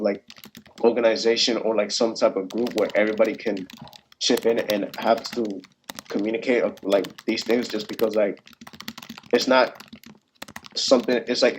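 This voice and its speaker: A man's voice: mid-range voice, slight background noise, poor audio. A young man speaking as a student panelist in a casual discussion, hesitant and full of restarts, over a video call. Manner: hesitant, many restarts and fillers.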